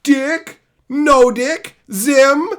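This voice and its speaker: A man's voice: very high voice, extremely slow, fairly bright tone, pitched above the performer's own voice, full character voice. A man putting on a panicking, flustered young person who stammers and babbles nonsense. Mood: frantic.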